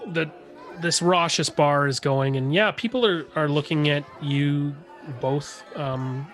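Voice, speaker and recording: A man's voice: on the high side, slow pace, fairly bright tone, a faint crowd. A man running a tabletop game as game master, describing scenes with many fillers and restarts.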